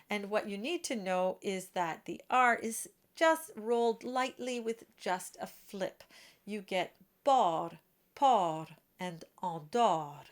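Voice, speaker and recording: A woman voice teacher explaining French diction for singers, slowing down to model each example word. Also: a little high, a bit bright. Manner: clear, careful teaching, slows to model example words.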